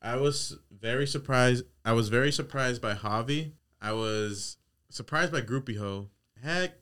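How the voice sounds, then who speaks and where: Bright, clear-voiced man teasing his co-host. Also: medium pitch. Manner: brash, teasing, jokey. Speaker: podcast co-host. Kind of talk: casual chat.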